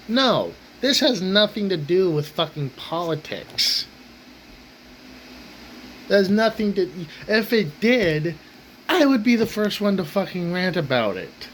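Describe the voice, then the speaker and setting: A man's voice: on the high side, expressive, a little slow, a bit bright, a little hiss or hum, poor audio. A man hosting his own rant channel, talking bluntly and swearing constantly in an angry rant.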